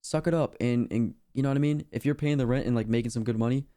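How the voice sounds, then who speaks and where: A young man chatting on a live stream, slangy and laid-back, drifting through his thoughts with plenty of fillers. His voice is mellow and dark, sitting at an ordinary middle pitch. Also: fairly even intonation, fast talker. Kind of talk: casual reaction chat.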